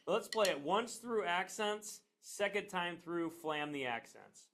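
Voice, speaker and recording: A middle-aged man teaching a percussion class in a relaxed, chatty way, with frequent fillers and "okay?" checks. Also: a little high, moderate pace, noisy background. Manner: relaxed, chatty, with many fillers and tag questions. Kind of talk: classroom lesson. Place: classroom near a train line.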